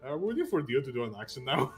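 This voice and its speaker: A man's voice: mid-range voice, very animated, racing, faint music behind. A man running a tabletop game as game master, laughing often and rambling through his narration.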